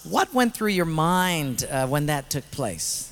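A man's voice: on the high side, big pitch swings, slow. A man, a pastor, preaching emphatically in a large arena and then chatting playfully with a guest onstage. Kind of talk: sermon and stage interview.

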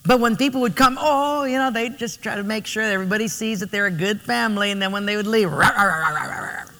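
A man preaching a sermon as pastor, telling stories in an emphatic, animated way, in a reverberant church hall. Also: sits high, quick pace.

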